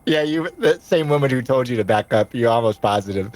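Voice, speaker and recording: A man narrating a tabletop game as game master, slow and descriptive with frequent laughs. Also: medium pitch, animated, darkish tone, low-quality recording.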